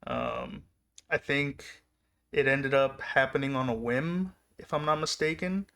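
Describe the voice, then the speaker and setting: A man's voice: mid-range voice, measured pace. Rambling young man telling stories. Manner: rambling, laughing, excited recollections. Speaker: vlogger. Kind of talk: casual storytelling.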